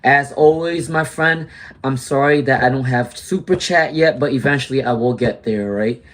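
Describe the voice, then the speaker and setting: A man's voice: mid-range voice, moderate pace, fairly bright tone. A man hosting a live tarot reading stream, chatting with viewers by name and muttering to himself while he looks for questions.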